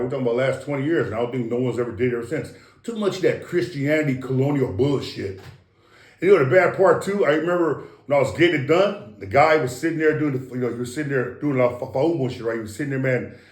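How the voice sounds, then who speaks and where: A medium-pitched voice echoes in a reverberant room as a middle-aged Samoan American man, the interview guest, tells boastful stories. The interview is casual, and his storytelling is animated and full of profanity.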